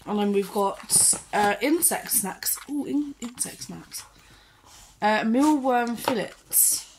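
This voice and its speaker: A woman's voice: medium pitch, vocal fry, a little hiss or hum, low-quality recording. A woman vlogger chatting casually at home, reading out ingredient lists and giving her dog short commands, recorded on a phone. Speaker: pet vlogger unboxing dog treats. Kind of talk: casual chat while training her dog.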